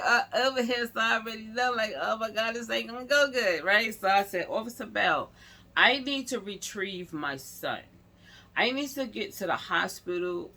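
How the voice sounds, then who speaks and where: A woman vlogger tells a story straight to her viewers in a bright, forceful voice. Her pitch swings widely as she acts out each person she quotes. She keeps it casual and chatty throughout.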